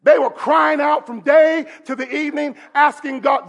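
High-voiced male pastor, emphatic preaching. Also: steady tone, normal speed, gravelly, hardly any pauses, dull audio. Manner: emphatic, rises to shouting, call-and-response. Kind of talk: sermon. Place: church service.

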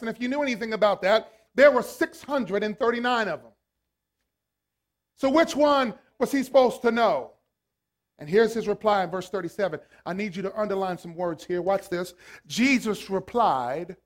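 A man preaching a sermon as a pastor, swinging from hushed lines to shouted ones. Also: high-pitched, animated, moderate pace.

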